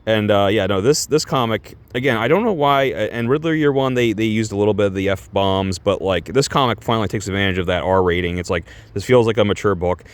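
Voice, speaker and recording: A man rambles through a comic book review in a low voice, swearing casually and laughing a lot. He talks a little fast with hardly any pauses, stopping now and then to correct himself.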